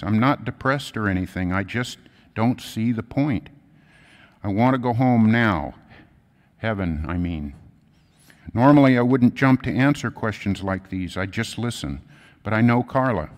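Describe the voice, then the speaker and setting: A man with a fairly low voice preaches in a quiet, earnest, measured way. His words ring out with the long reverb of a church hall. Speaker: lay preacher. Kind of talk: sermon with a read-aloud story.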